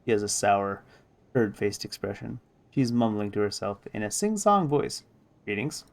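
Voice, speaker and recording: A man's voice: fairly low pitch, sing-song, moderate pace, vocal fry. A man streaming a video game, reading its story text aloud with musing asides.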